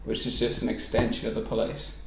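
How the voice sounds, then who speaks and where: A man's voice: mid-range voice, completely flat delivery, brisk, vocal fry. Curious man hosting a chat. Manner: curious, laughing banter. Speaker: podcast host. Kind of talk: casual chat. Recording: roomy echo.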